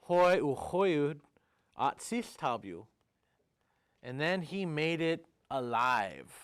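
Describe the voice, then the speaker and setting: A man telling a traditional story, speaking each phrase slowly and then translating it into English, with chant-like repetitions. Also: fairly high pitch, sing-song, clear, resonant tone. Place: community storytelling event.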